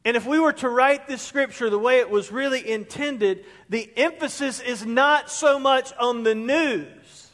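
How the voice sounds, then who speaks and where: High-voiced male pastor, emphatic sermon delivery, long church-hall reverb. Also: measured pace, few pauses, a bit bright. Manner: emphatic, rising to stress key words. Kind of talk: sermon with scripture reading. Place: church sanctuary.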